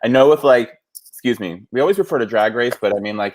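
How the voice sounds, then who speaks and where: A man's voice: medium pitch, fast. A man hosting a podcast, telling stories in a chatty way with lots of fillers. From New York City area. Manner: chatty storytelling with many fillers. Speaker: podcast host. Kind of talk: casual chat.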